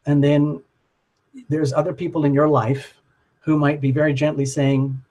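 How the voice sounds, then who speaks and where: A man's voice: a little high, level tone, moderate pace, dark tone, rough recording. Rambling man reading tarot live. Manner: rambling, dreamy, lots of "like" and "you know". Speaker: tarot reader hosting a live show.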